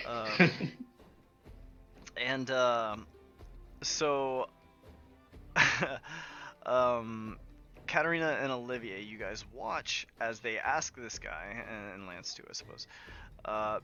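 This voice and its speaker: A man's voice: mid-range voice, slow pace, pauses often, sharp tone, lo-fi sound, faint music behind. A man narrating a tabletop game as game master in a casual, laughing way with many fillers, over an online voice call.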